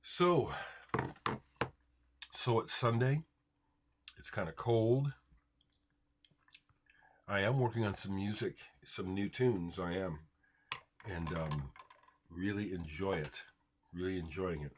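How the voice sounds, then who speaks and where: A man hosting a casual livestream, rambling about records and answering viewer comments out loud. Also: low voice, slow pace, long pauses, background noise. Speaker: livestream host showing records.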